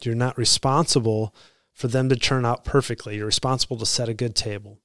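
A man's voice: mid-range voice, steady tone, brisk, fairly bright tone, no room sound. Guy in his 30s doing a solo podcast, earnest, kinda rambly, stops and restarts a lot, dry close sound. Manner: earnest, conversational, self-correcting. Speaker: podcast host. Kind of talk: reflective podcast monologue.

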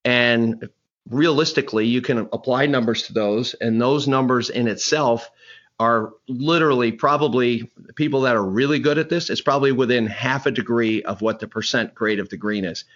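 A man's voice: medium pitch, normal speed, a bit bright, dull audio. A middle-aged man, a golf instructor, telling rambling anecdotes in a podcast conversation, often restarting and acting out quotes. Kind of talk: conversational storytelling interview.

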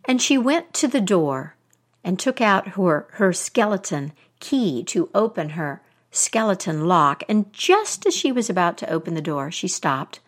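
Slow, expressive woman storyteller. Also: fairly low pitch. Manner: expressive, with dramatic pauses. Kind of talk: oral folk-tale telling.

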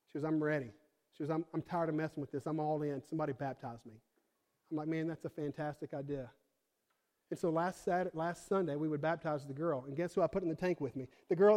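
A young man with a fairly high voice preaches in a church, talking the way he would with friends, full of "like" and "bro". He swings between hushed, intimate storytelling and loud, fired-up emphasis. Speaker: pastor. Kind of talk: sermon.

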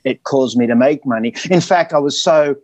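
Joking Australian pastor, dry sound. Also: male voice, medium pitch, normal speed, dry recording. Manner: lively and joking, stacks repeated words when excited. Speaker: pastor, podcast guest. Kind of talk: casual interview storytelling.

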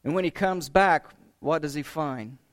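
A man preaching a sermon, retelling a story with emphatic rises and hushed drops. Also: a little high, a little slow. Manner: emphatic, dramatic retelling with rising and falling intensity.

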